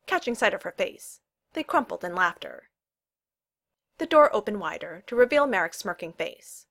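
An audiobook reader narrates a storybook aloud at a moderate pace, keeping the narration even. When characters speak, her lively pitch jumps around to voice their lines.

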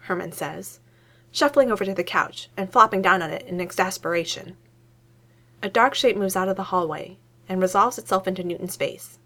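A woman narrating a story aloud in an expressive reading voice. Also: mid-range voice, moderate pace.

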